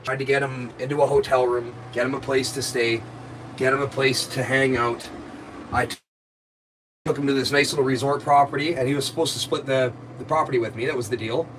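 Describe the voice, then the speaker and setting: Guy streamer, mid-pitched voice, rambling and aggrieved, swears a lot. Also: steady tone, a little fast, fairly bright tone, a little hiss or hum, poor audio. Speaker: live streamer. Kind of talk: casual storytelling to viewers.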